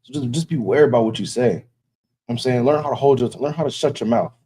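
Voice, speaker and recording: A man with a dark, mellow voice preaches at a quick clip. He talks with emphasis, presses his warnings home, and keeps checking that his listener follows. Faint noise sits behind him. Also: medium pitch. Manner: emphatic, warning tone, keeps asking "you know what I'm saying". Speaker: religious teacher. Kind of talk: preaching in casual talk.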